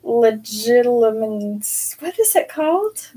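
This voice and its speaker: A young woman co-hosting a podcast, chatting casually in an expressive, dramatic way and laughing often. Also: fairly high pitch, slow, crowd noise. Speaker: podcast co-host. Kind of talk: casual chat.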